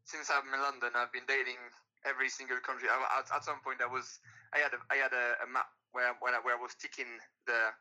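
A man's voice: medium pitch, little pitch movement, quick pace, sharp tone, muffled recording. A man in his twenties from France with a French accent, chatting casually as an interview guest and laughing easily. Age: 20s.

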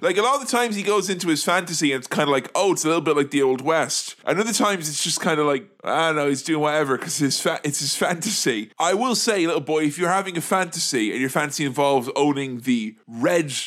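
A man co-hosting a podcast, chatting casually about a film with animated, sweary mock rants. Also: on the high side, fast talker, few pauses. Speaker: podcast co-host. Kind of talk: casual film review chat.

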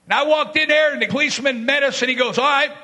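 A man preaching a fiery sermon, telling stories from his street and jail ministry and shouting his main points. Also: very high-pitched, fast talker. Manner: shouting bursts, dramatic retelling with voiced quotes.

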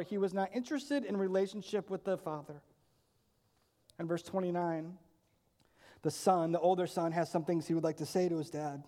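A man's voice: high-pitched, a little mellow, in a large hall. A male pastor preaching a sermon, earnest and emphatic, pressing his point with repeated questions.

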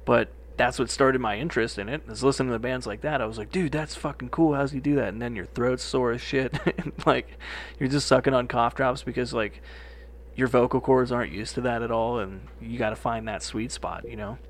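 A man's voice: mid-range voice, fairly even intonation, a little fast. A young man co-hosting a podcast, telling loose stories full of swearing and quoted voices in casual chat. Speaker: podcast co-host.

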